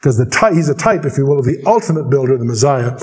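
An older man teaching the Bible verse by verse. He reads scripture slowly and explains it with dry asides. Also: mid-range voice, expressive, a little mellow, slight background noise.

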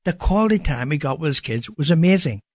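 A man's voice: a little high, expressive, fast, a little mellow, breathy edge, no room sound, studio quality. A man with an Irish accent, a guest on a radio show, telling a story with lots of "you know" fillers. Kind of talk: radio studio interview.

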